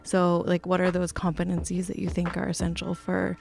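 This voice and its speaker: Woman panel moderator, low flat gravelly voice, unhurried and thoughtful, faint music under. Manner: thoughtful, searching for words, frequent fillers. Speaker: panel moderator and community support worker. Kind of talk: radio panel discussion.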